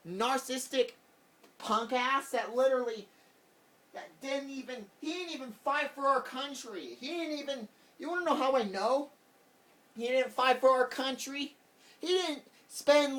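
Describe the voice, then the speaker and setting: A man's voice: very high-pitched, fairly bright tone. A man vlogging a heated, rambling political rant, repeating himself as he talks. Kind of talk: casual political rant to camera. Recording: voice distant from the mic.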